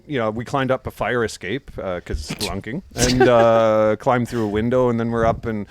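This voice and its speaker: A man, a guest comedian, telling a rambling story on a podcast, laughing as he goes and trailing off quietly. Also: mid-range voice, steady tone, normal speed, clean tone. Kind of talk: casual storytelling.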